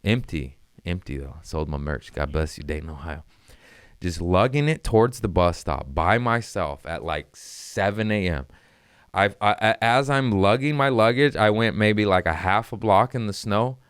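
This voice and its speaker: A young man, a comedian hosting a podcast, telling a story in a profane, animated casual way. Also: lowish voice, moderate pace, clean tone, dry recording, clean studio sound.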